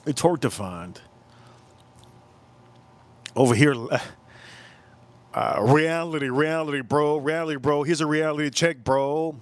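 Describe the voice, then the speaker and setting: A man in his forties hosting a casual livestream outdoors, telling animated stories and calling out viewers by name. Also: a little high, a little slow, pauses often. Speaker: livestream host.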